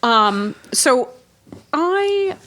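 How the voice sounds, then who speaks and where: Animated, laughing woman telling a story. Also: high voice, very slow. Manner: animated, laughing, swears freely. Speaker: interview guest. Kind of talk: casual storytelling interview.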